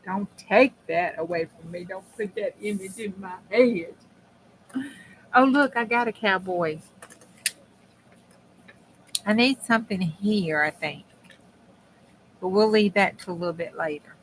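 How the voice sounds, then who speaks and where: Slow-talking folksy woman crafting. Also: medium pitch, a little hiss or hum, rough recording. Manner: folksy, chatty, talks to herself and viewers while working. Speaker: crafting channel host. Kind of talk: casual chat while crafting.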